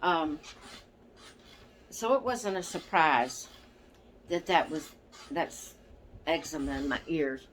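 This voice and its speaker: A woman's voice: low voice, animated, slow, long pauses, a little hiss or hum. An older woman, chatting casually to her camera in a rambling way, laughing often and correcting herself. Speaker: vlogger.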